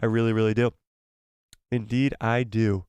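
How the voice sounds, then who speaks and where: A man hosting a live watch-party stream, excitedly reacting and reading viewer messages aloud while he is losing his voice. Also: fairly low pitch, clear, resonant tone, dry recording. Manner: excitable, frequent exclamations and quick laughs. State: losing his voice, throat-clearing. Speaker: livestream host.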